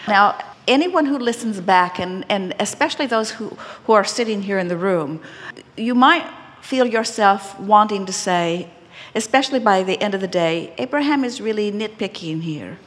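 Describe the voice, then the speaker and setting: A woman gives an inspirational seminar talk to a room full of listeners. She speaks as a collective "we", deliberate and gently teasing, at a medium pitch. Her voice carries a long reverb from the hall. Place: seminar room with a live audience.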